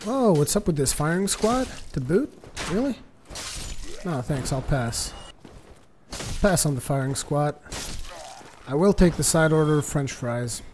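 Excitable joking gameplay commentator man. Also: on the high side, a little slow, long pauses, slight background noise. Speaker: let's play commentator.

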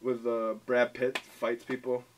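A young man co-hosting a casual accent challenge video, playful and quick to laugh. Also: medium pitch, monotone, a little hiss or hum. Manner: playful, laughs often, tries silly accents. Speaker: YouTube co-host.

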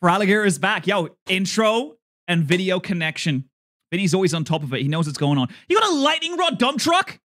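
A man streaming, reacting to a video with animated, joking commentary. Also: high-pitched. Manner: animated, joking, rapid asides. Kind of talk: casual live-stream commentary.

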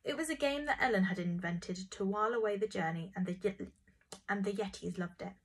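Woman narrator, children's storybook, breathy, mid-pitched, expressive. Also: a little fast, poor audio.

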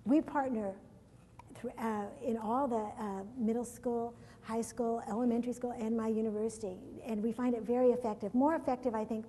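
Middle-aged woman, conference presenter, higher voice with a husky edge, lively, laughs often. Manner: lively anecdotes, laughs often, repeats words. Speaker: education conference speaker. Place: large conference hall. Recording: long hall reverb.

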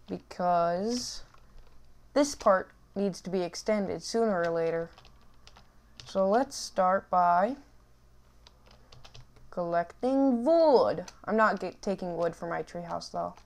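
A woman hosting a gaming channel, rambling and self-mocking through casual gameplay commentary. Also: mid-range voice.

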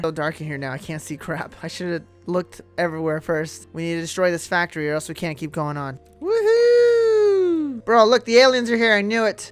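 A man hosting casual gameplay commentary, joking and excitable, with sudden yelps and slangy banter. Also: sits high, smooth. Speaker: gaming video host.

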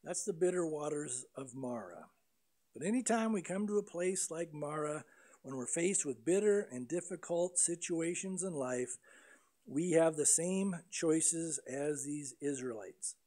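Man, pastor, sermon, high voice, animated delivery, acts out quoted lines, church. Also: a little slow. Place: church sanctuary.

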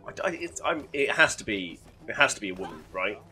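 A man's voice: on the low side, big pitch swings, a little fast, bright, forceful tone, faint music behind. A man giving casual, sweary, rambling commentary while playing a video game, often mocking himself. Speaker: gaming YouTuber.

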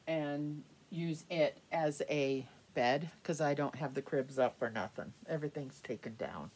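A middle-aged woman vlogging candidly to the camera, rambling and laughing softly as she talks. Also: a bass voice, breathy edge. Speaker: reborn doll collector vlogger. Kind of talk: casual chat to camera.

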